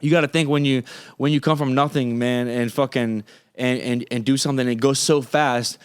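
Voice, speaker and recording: A man's voice: mid-range voice, fairly even intonation, a little fast, clean tone, no echo. A man from Florida, a singer guesting on a podcast, talking in a casual, profane, rambling way full of restarts. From Florida, USA. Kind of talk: casual interview chat.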